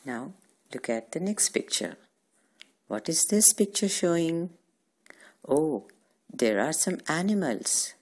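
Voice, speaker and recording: Lady teacher, really deep husky voice, patient, asks the kids stuff then answers it herself. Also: sing-song, takes it slowly, pauses often, a little mellow. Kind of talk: recorded grammar lesson for young children.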